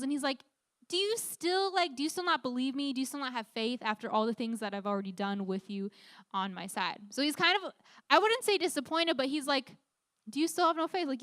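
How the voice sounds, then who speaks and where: A woman's voice: high voice, expressive, fast, a bit bright, no room sound, clean studio sound. A young woman leading a youth group Bible talk, upbeat, often putting questions to the teens. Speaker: youth leader.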